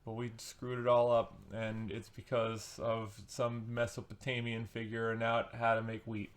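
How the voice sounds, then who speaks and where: A man's voice: mid-range voice, monotone, a little slow. A man giving a casual, sarcastic and rambling book review as a vlogger, with comic asides.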